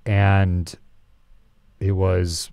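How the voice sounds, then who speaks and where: Low, mellow-voiced man recounting his past. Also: level tone, vocal fry, no room sound. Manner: reflective, halting, confessional. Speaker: podcast guest. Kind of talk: candid personal story in an interview.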